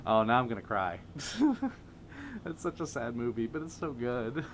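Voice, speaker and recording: Animated laughing male stream host. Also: medium pitch, unhurried, a little hiss or hum. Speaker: livestream host. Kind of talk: casual livestream chat, reading viewer comments.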